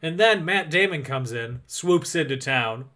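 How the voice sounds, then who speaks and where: A man co-hosting a podcast, telling a movie's plot in a jokey, animated way. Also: fairly high pitch, measured pace. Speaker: podcast co-host. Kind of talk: casual movie recap chat.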